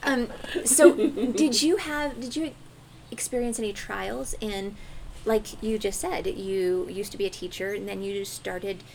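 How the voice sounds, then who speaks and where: Gravelly-voiced woman interviewer. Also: medium pitch, unhurried, crowd noise, poor audio. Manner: supportive, affirming, soft reflective asides. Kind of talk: casual interview conversation.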